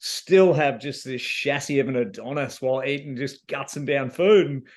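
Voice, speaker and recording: A man's voice: medium pitch, normal speed. An Australian man answering interview questions as a reality show contestant, telling his story in a laid-back, slangy way with lots of fillers.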